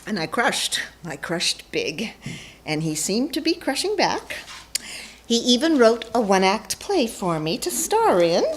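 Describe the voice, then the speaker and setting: A woman's voice: on the high side, very animated, a little slow, slight background noise. A woman telling a personal story onstage before a live audience, playful and self-mocking.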